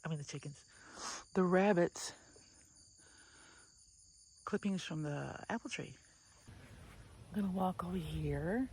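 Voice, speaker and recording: Slow-talking woman cooing to farm animals. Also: lowish voice, a little hiss or hum. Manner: chatty, coos and talks to the animals. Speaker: vlogger farm-sitting. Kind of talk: casual vlog chat while doing farm chores. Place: outdoors on a farm among animals. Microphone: camera set down nearby.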